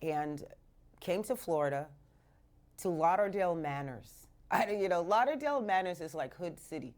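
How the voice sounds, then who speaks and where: A woman radio host from Canada chats on air in a low-pitched, loose, animated way. She tosses in bits of Jamaican patois as she talks to listeners from the studio. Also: moderate pace. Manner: chatty and animated, mixing in Jamaican patois phrases. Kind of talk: casual live radio talk.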